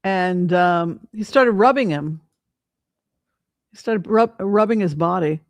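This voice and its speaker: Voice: mid-range voice, slow, dry recording. Rambling tarot reader, dry sound. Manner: rambling, hesitant, many fillers and restarts. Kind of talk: casual livestream commentary with tarot reading.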